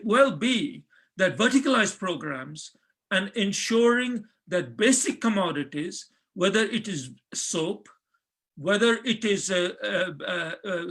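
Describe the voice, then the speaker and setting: A man's voice: high voice, fairly bright tone. A middle-aged man giving a conference talk, earnest and full of fillers and restarts. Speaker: panel speaker.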